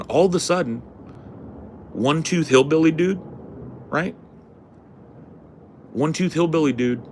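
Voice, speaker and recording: A man hosting a podcast, ranting through a story as a brash, profane self-declared loudmouth who keeps asking "right?". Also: medium pitch, a little hiss or hum. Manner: punctuates points with "right?". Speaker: podcast host. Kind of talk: casual storytelling rant.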